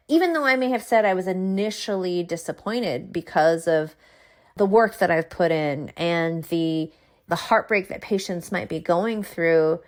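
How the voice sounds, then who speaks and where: A woman in her forties, a neurologist being interviewed, speaking in an earnest, heartfelt way. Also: fairly low pitch. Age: 40s. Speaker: neurologist guest. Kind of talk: interview conversation.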